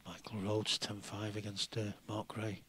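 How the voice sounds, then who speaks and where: This is a man co-commentating on a live pool broadcast. He talks in a steady, matter-of-fact way, and his voice sits fairly low. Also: measured pace, slight background noise.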